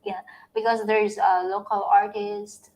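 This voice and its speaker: Female co-host, Filipino accent, mid-pitched voice, slow, relaxed delivery. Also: highs cut off. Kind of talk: casual chat.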